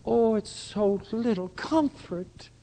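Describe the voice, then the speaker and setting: An older man preaching a sermon as pastor, dropping to a hush and then rising to loud, pressing questions at his congregation. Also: high-pitched, takes it slowly, vocal fry, slight background noise, rough recording. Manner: swings from hushed to loud preaching.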